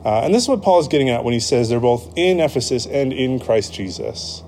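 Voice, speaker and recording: A man's voice: mid-range voice, sing-song, a little fast, a little mellow, slight background noise. An American man preaching a sermon in a conversational way, with frequent ums and self-corrections. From United States. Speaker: pastor.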